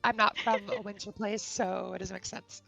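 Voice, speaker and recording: A woman's voice: mid-range voice, fairly even intonation, moderate pace, vocal fry, sharp tone, faint music behind. Playful woman tabletop player. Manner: playful, jokey. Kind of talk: casual tabletop gaming chat.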